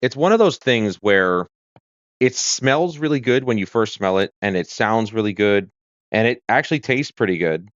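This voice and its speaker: A man from the United States hosts a casual livestream, wandering from point to point with plenty of fillers and restarts. His voice sits low. The audio is dry and a little dull, like a home streaming setup. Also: lively intonation, normal speed, fairly bright tone, clean tone, dry recording. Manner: rambling, chatty, with fillers and self-corrections. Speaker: livestream host. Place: home room with a kitchen corner.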